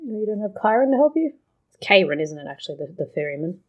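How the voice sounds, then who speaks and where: A young adult woman hosts casual reaction commentary while doing her makeup, animated and emotional as she swears and laughs. Her mid-range voice moves quickly, and the highs in the audio are cut off.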